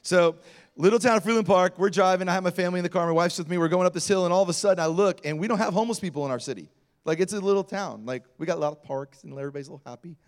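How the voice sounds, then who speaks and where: A man preaching a sermon as pastor, telling personal stories in an animated way with self-deprecating humor. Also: high voice, very fast.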